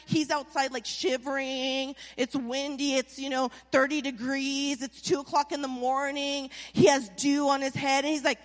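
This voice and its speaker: A woman preaching a sermon in a lively, playful way, speaking straight to her congregation. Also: high voice, measured pace, few pauses, long reverb tail. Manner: animated, playful, addresses the crowd directly.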